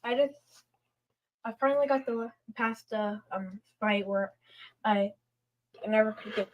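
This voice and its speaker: A woman chatting hesitantly from off-mic, often pausing on her words. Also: mid-range voice, phone-quality sound. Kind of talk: casual chat.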